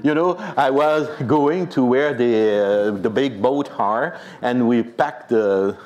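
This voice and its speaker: A priest tells a personal story in an animated way, often saying "you know". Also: male voice, mid-range voice, takes it slowly, highs cut off.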